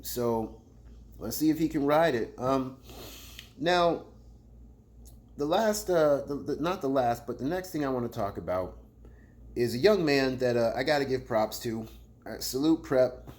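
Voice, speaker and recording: Animated man riffing on battle rap. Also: unhurried, long pauses. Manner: animated, slangy, swings between loud jabs and low asides. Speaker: battle rap commentary host. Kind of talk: casual commentary.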